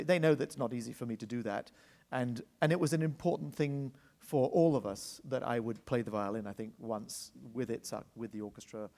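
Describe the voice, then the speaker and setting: Laughing, animated man telling stories in a hall. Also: medium pitch. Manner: animated anecdotal storytelling, laughs often. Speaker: orchestra conductor, interview guest. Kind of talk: live onstage interview. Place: public library salon before an audience. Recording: long reverb of a hall.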